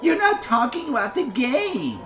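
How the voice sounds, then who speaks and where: A man mimicking a shrill, angry woman who shouts and scolds at a ballgame. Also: huge pitch swings, measured pace, far from the mic, a faint crowd, a little hiss or hum, full character voice. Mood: scolding.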